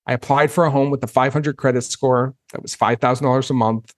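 Animated man telling his story, dry sound. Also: medium pitch, a little fast, dry recording. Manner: animated storyteller, acts out his own past reactions. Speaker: podcast guest, entrepreneur. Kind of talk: casual interview storytelling.

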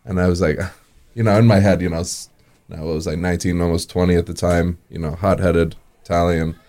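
A man's voice: low voice, little pitch movement, fairly quick, dark tone. A man, a guest telling his own story in casual talk, chuckling often and full of fillers. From New York area.

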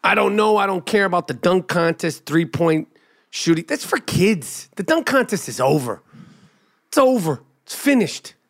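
Male podcast host, high voice, brash and profane sports riffing. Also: big pitch swings, normal speed, creaky, a bit bright. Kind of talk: casual basketball commentary monologue.

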